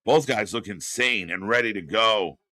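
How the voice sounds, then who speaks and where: A man hosting a live wrestling watch-along, giving relaxed shout-outs to the chat. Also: on the low side, moderate pace, no echo, clean studio sound.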